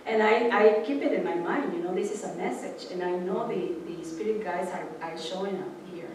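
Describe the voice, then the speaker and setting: A woman's voice: mid-range voice, fairly quick, hardly any pauses, slight background noise. A woman speaking influenced English gives an informal sermon, telling spiritual stories and acting out voices with laughs. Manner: animated storyteller, acts out voices with laughs. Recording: echoey room from far off.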